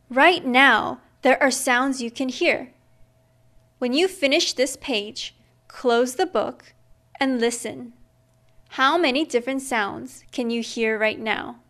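A woman reading a children's picture book aloud, slow and gentle, acting out the sounds in it. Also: sits high. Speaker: storyteller.

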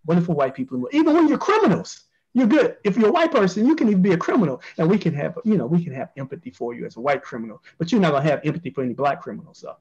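A man's voice: fairly high pitch, lively intonation, rapid-fire, hardly any pauses, darkish tone, breathy edge, muffled recording. An American man, a journalist speaking as a panel guest, earnestly answering and repeating phrases for emphasis. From United States.

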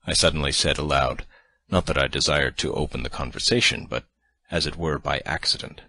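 Very deep-voiced male audiobook narrator. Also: a little fast, pushed and bright, no room sound. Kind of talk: scripted first-person narration.

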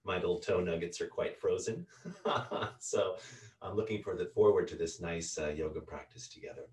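A male yoga teacher guiding breathing exercises, calmly counting each breath in and out. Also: low-pitched. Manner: calm, unhurried counting of breaths. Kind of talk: guided yoga breathing instruction. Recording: roomy sound from a distant mic with a loud ticking metronome. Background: metronome clicking once a second.

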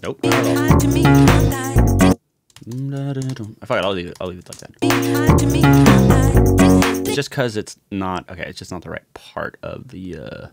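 A music producer streams a session, chatting casually while he works, muttering to himself, swearing and poking fun at himself. His voice is low-pitched and gravelly, at a measured pace with frequent pauses, and music from the session plays in the background.

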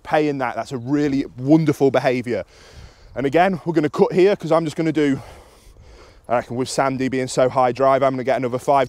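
A young man walks viewers through a dog training session in an open field. He speaks at an everyday middle pitch, calm and practical, switching to high excited praise when the dog comes back. The sound is dry, with little room echo. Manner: explains calmly, then bursts into high excited praise for the dog. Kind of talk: outdoor training demonstration.

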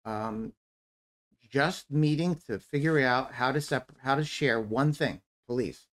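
A man's voice: medium pitch, unhurried, fairly bright tone. A man giving blunt, critical public comment at a town forum over a video call, repeating his points. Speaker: resident commenter.

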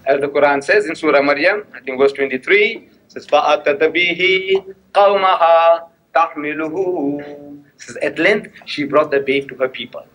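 A man's voice: medium pitch, fairly quick, hardly any pauses, fairly bright tone. A man giving a public religious lecture in a mosque hall, telling a story through repeated phrases and rhetorical questions, and acting out both sides of the quoted dialogue. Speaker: Islamic lecturer.

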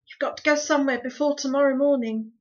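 A woman reading aloud as an eager young boy who trips over his words. His voice is raised, urgent and somewhat high. The recording is dull and lo-fi. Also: fairly even intonation, fast, lightly acted. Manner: eager, stammering.

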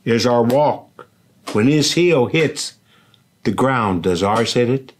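Slow, earnest older man preaching. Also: medium pitch, expressive. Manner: slow, earnest, repeats "see" and "does that make sense". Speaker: pastor. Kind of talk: sermon.

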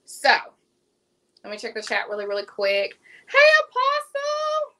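A woman's voice: mid-range voice, little pitch movement, moderate pace, a bit bright, low-quality recording. Chatty Southern woman cooking live. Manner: chatty, addresses viewers as y'all. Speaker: cooking vlogger hosting a livestream. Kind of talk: casual live cooking chat.

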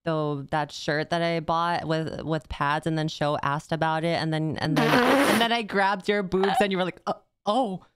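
Young woman, lowish smooth voice, laid-back teasing chat. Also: normal speed, few pauses. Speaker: streamer. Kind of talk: casual chat.

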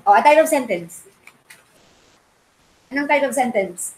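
A Filipino woman teaching a Bible study class, quizzing her students with lively questions and switching freely between English and Tagalog. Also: high-pitched, a little slow, low-quality recording. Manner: animated, mixes English and Tagalog.

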